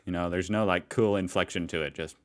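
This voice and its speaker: A man's voice: sits low, steady tone, a little fast. A man with an American accent, hosting a reaction video in a casual, chatty and amused way. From United States. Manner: chatty and amused, laughs easily. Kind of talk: casual chat.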